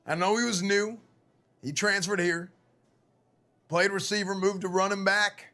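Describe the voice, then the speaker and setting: Hoarse, rowdy man. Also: sits high, fairly even intonation, a little slow. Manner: loud, profane, rallying. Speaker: streamer playing a football coach. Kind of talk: mock locker-room pep talk, live gaming stream.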